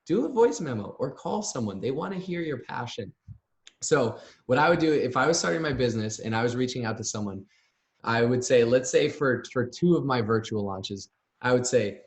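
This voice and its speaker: A man coaching new sales consultants with high energy, acting out example messages. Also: normal speed. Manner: energetic, acts out sample messages. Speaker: business coach. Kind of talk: coaching call. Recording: roomy echo.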